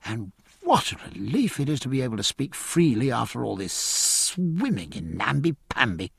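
A man's voice: medium pitch, very animated, moderate pace, creaky, husky, no echo, studio quality, heavily acted. A man reading an audiobook, voicing a spirited, outspoken young woman who is scornful and impassioned. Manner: scornful, impassioned, sharp-tongued. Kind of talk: audiobook character voice.

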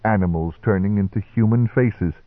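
A man narrating an audiobook in a measured, dry first-person delivery. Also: lowish voice, no echo. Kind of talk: audiobook reading. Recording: dry, tinny narrow-band recording.

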